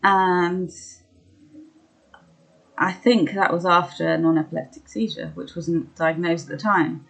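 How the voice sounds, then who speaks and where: A young woman talking candidly about her own experiences, hesitant with many pauses and ums, laughing at herself at times. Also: on the low side, steady tone, creaky, low-quality recording. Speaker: vlogger sharing her illness experience. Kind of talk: candid personal chat.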